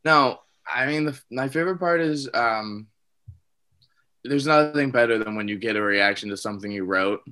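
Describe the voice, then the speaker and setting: Bright-voiced comedian man. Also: medium pitch, normal speed. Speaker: comedian guest. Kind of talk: casual podcast chat.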